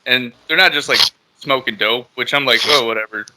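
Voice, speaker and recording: Brief: man, very bright tone, easygoing podcast storyteller who curses freely. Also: mid-range voice, a little fast. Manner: laid-back, swears often, laughs at own story. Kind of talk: casual storytelling.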